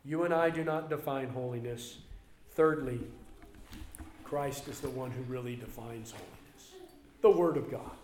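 A man preaching a sermon as a pastor, emphatic and swinging between loud passages and quieter ones. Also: mid-range voice, normal speed, pauses often, slight background noise. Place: church. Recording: roomy echo.

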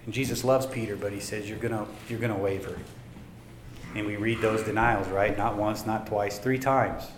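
A man's voice: lowish voice, steady tone, moderate pace, noisy background. Man preaching in an echoey room. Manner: preaching with dynamic swings between loud emphasis and quiet asides. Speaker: pastor. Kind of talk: sermon. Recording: echoey room with faint ambience.

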